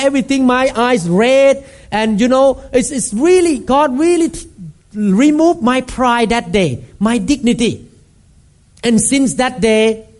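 A man preaching a sermon as a pastor, emphatic and repetitive, acting out scenes with sudden shouts. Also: very high-pitched. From Thailand.

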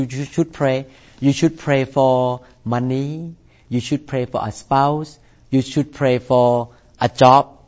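Man, pastor, sermon, slow, slightly high voice. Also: lo-fi sound. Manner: slow deliberate preaching, repeats for emphasis.

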